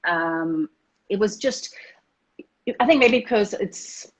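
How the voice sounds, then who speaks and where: A woman from South Africa, a guest actress, talking fast in a casual interview, often restarting her sentences. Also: medium pitch, expressive. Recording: muffled lo-fi audio.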